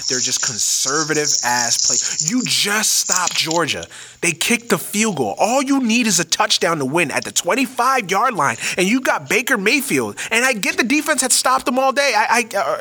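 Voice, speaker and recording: With a high, bright, forceful voice at normal speed, this very animated sports podcast host launches into a casual rant. It's profane throughout, and he keeps stumbling and restarting.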